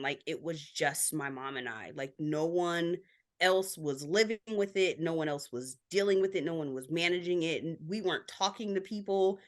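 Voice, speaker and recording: Candid woman with a lower voice telling her story. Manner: many filler likes. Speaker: podcast guest. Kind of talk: casual interview chat.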